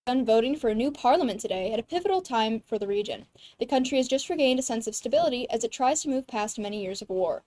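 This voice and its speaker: High-voiced girl reading school news. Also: expressive, fast talker, a little mellow, dry recording. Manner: reads from script, stumbles over names. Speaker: student news anchor. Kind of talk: reading news and history facts.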